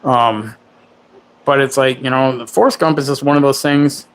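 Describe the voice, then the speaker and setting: A man's voice: mid-range voice, normal speed, a bit bright. Crude, joking man in his forties. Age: 40s. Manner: crude, joking, self-mocking. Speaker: livestream host. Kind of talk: rambling casual livestream chat.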